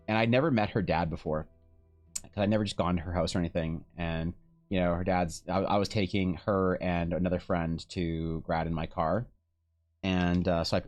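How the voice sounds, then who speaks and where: Low-voiced man rambling on stream. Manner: rambling storyteller, swears casually, laughs often. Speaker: art streamer. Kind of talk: casual chat while drawing on stream.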